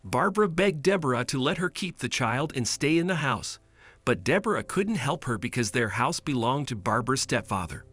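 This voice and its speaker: Animated male story narrator. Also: mid-range voice, moderate pace.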